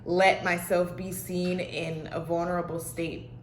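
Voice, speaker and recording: A woman's voice: fairly low pitch, level tone, a little slow, reverberant, slight background noise. A woman talking to her own camera alone at home, candid and rambling in a casual, heartfelt vlog style with many fillers. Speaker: vlogger on healing and mental health. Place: alone in a room at home with plants and a dog. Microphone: self-recorded camera.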